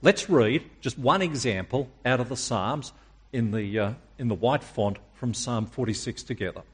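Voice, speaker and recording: A man preaching a sermon, emphatic and using dramatic pauses and rhetorical questions. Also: medium pitch, slightly rough.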